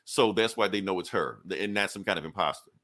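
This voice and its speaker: A man with a somewhat low voice chats through a comic book storyline in a loose, conversational way. He rambles, restarts, and leans on fillers like a friend catching you up, never sounding scripted. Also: fast talker, a bit bright. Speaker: podcast co-host. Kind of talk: casual comic book recap.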